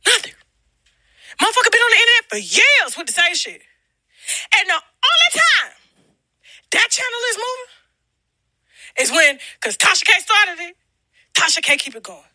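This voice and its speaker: Very high-pitched, blunt, brash woman. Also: big pitch swings, a little fast, long pauses, pushed and bright, no echo. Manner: blunt, brash and heavily profane, acting out others' lines. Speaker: celebrity gossip blogger and channel host. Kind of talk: casual profane rant to camera.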